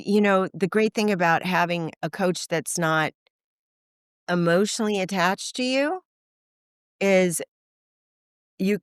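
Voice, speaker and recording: An older woman speaking as a podcast guest, frank and animated, swearing casually and acting out the voices in her stories. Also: on the low side, clean tone, no echo, clean studio sound. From United States. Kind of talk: candid conversational interview.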